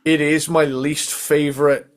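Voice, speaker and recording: A man's voice: a little high, flat delivery, unhurried. A man in his thirties co-hosting a casual podcast, talking in a laid-back way with enthusiastic slang. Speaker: podcast co-host. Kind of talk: casual chat ranking albums.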